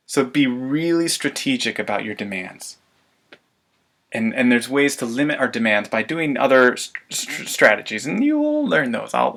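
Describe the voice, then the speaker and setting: Gravelly-voiced man coaching parents. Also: mid-range voice. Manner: lively, laughs often, acts out parent demands. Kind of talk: webinar presentation.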